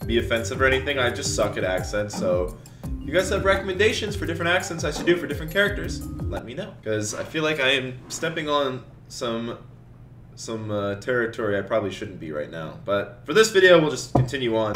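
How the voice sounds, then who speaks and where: A man's voice: mid-range voice, sing-song, brisk, a bit bright, reverberant, soft background music. A young man giving casual, chatty game commentary to his viewers. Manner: chatty, talks to viewers as guys. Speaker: gaming YouTuber.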